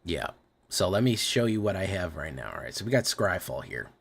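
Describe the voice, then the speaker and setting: Deep-voiced man rambling on a live stream. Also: sing-song, brisk, gravelly, fairly bright tone, slight background noise. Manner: rambling, swears freely, talks to chat. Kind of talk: casual live-stream chat.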